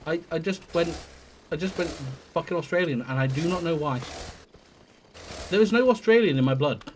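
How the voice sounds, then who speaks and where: A man's voice: a little high, expressive, normal speed, a little hiss or hum. A man streaming a game live, thinking aloud in a rambling way and swearing casually as he plays. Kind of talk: live gameplay commentary.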